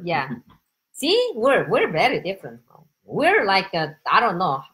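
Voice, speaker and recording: A woman from Korea with a Korean accent, a Korean teacher giving a casual, excitable and spontaneous live-stream lesson. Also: medium pitch, unhurried. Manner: excitable, laughing, chatty and spontaneous.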